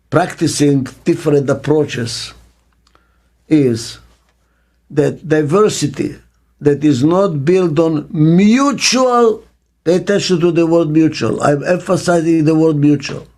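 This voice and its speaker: An older man giving an interview as a business consultant, speaking slowly and emphatically and repeating key words for stress. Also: a little high, darkish tone. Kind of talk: reflective interview monologue. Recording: faint music underneath.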